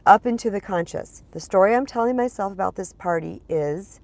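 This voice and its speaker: A woman's voice: medium pitch, brisk, a little mellow, dry recording. A middle-aged woman, a spiritual empowerment coach, teaching chattily on a live stream while congested. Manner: chatty, addresses viewers as "you guys".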